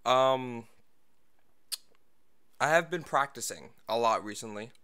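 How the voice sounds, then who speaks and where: A man's voice: medium pitch, expressive, takes it slowly, bright, forceful tone, clean tone. A man livestreaming a football video game, rambling casually with many fillers and a little out of breath. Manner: rambling, lots of fillers, self-deprecating. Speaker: gaming livestreamer. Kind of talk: casual gameplay livestream talk.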